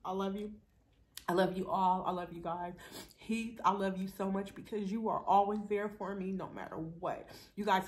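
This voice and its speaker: A middle-aged woman chatting affectionately and playfully to camera as a vlogger. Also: mid-range voice. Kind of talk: casual chat to camera.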